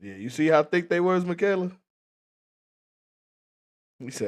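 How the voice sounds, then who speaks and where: A man's voice: a little high, unhurried. A man hosting a livestream, telling a casual, profane story to his chat and acting out the scenes as he goes. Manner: animated, profane storyteller who acts out scenes. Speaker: livestream host.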